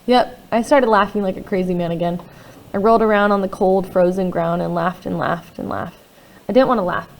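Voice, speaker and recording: A woman narrating a first-person novel in a quiet, confiding way, with conversational asides to the listener. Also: medium pitch, creaky, rough recording. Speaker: audiobook reader.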